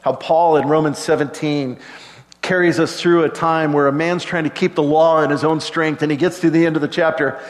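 A middle-aged man preaching a sermon in a relaxed, conversational way, dropping joking asides to the congregation. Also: a little high, fairly quick, long reverb tail. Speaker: pastor.

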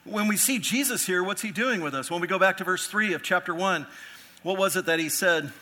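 Bright and forceful, this man's high-sitting voice moves fairly quickly as he delivers an earnest expository sermon. Like a pastor driving a point home, he asks rhetorical questions and repeats phrases for emphasis.

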